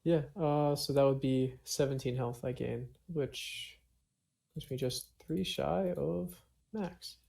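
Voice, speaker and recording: A man's voice: medium pitch, slow pace, creaky, dark tone. A man playing a tabletop game in casual chat, hesitant and explaining rules with fillers. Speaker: player.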